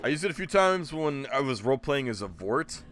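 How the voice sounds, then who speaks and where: A man's voice: mid-range voice, big pitch swings, a little fast, a bit bright, soft background music. A man streaming a video game, rambling and joking with his chat as he plays. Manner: rambling, jokey, talks to chat. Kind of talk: casual gameplay commentary.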